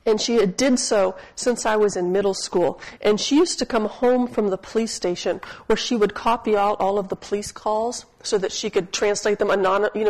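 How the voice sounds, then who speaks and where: A woman's voice: mid-range voice, darkish tone, low-quality recording. A woman preaching a sermon in a chatty, humorous storytelling way, often asking her listeners questions. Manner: asks the audience questions.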